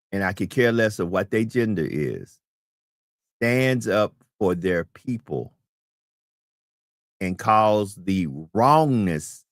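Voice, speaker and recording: A man hosting a live talk show, speaking in a preachy, emphatic way that climbs toward shouting. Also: fairly low pitch, dry recording, studio quality. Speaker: host.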